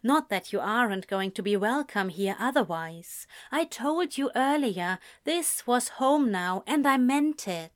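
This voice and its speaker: A woman voicing a caring mother, speaking higher and softly with reassurance. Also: animated, measured pace, hardly any pauses. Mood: gentle. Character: caring mother, gentle and welcoming.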